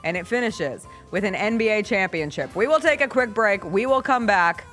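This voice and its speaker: A woman's voice: mid-range voice, animated, moderate pace, a bit bright, faint music behind. A woman hosting a sports talk show, chatting energetically with a co-host.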